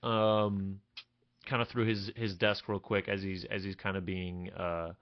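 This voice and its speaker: A man narrating a tabletop game as dungeon master, speaking haltingly with many fillers and restarts. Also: low voice, little pitch movement, smooth. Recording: dull lo-fi recording.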